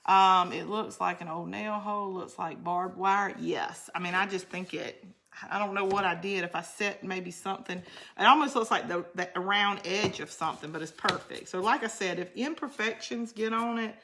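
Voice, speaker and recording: Bright-voiced woman chatting while crafting. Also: medium pitch, normal speed, creaky. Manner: chatty and rambling, answers viewer comments. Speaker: craft channel host. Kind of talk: casual livestream craft chat.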